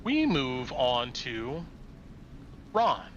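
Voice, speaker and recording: A man's voice: medium pitch, huge pitch swings, drawn-out words, lo-fi sound, background noise. A man narrating a tabletop game as game master in an easygoing, descriptive way.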